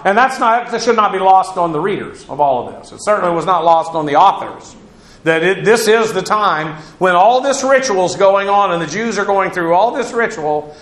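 A man's voice: high-pitched, fairly bright tone, reverberant. A man teaching through a Bible passage verse by verse, in a conversational, digressive way with asides on Greek grammar.

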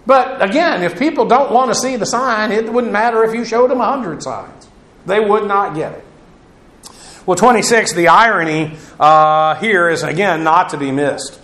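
A man's voice: high voice, expressive, moderate pace, a bit bright, echoey room. A man teaching through a Bible passage verse by verse, in a conversational, digressive way with asides on Greek grammar.

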